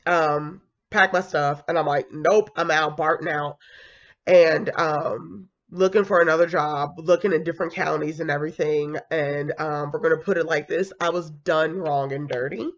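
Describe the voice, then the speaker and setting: A woman's voice: low-pitched, normal speed, few pauses. Chatty young woman teacher, lo-fi. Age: young adult. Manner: animated, chatty, full of fillers and laughs. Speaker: kindergarten teacher. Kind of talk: casual storytelling vlog.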